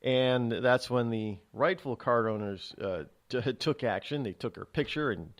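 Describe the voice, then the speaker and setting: A man's voice: medium pitch, a little slow. A man hosting a talk radio show, telling a story in a rambling, amused way with many restarts. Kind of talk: casual radio monologue.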